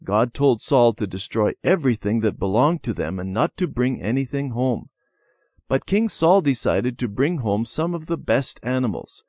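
A man reading as a patient, gentle mother. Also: medium pitch, normal speed, no room sound, studio quality, close to an everyday voice. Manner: calm, instructive storytelling.

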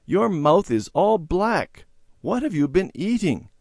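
A man voicing a mother in a children's storybook, raising his pitch and speaking firmly. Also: huge pitch swings, a little slow, a little mellow, dry recording, studio quality. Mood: scolding. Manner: firm, chiding. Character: mother, firm and scolding.

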